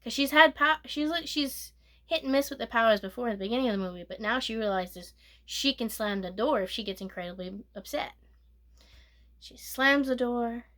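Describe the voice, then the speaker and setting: A woman giving a soft-spoken ASMR movie recap, rambling and correcting herself, sometimes dropping to a whisper. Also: fairly high pitch, moderate pace. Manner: rambling, self-correcting retelling with filler "like". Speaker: movie reviewer.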